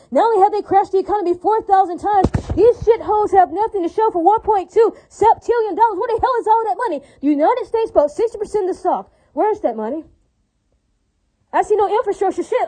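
Woman ranting, very high pitched with a soft, dark timbre, profane and repetitive, full of rhetorical tags. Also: low-quality recording. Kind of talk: ranting monologue.

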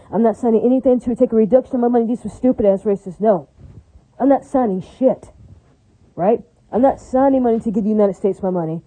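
Fast-ranting woman with a dark voice. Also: on the high side, dry recording. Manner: angry, repetitive, profane ranting. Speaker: vlogger. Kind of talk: ranting vlog monologue. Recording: dull lo-fi recording.

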